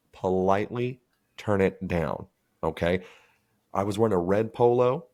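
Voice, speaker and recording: A man co-hosting a podcast, telling a crude story in casual chat and acting out the quotes. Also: deep voice. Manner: crude, animated storyteller who acts out quotes. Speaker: podcast co-host.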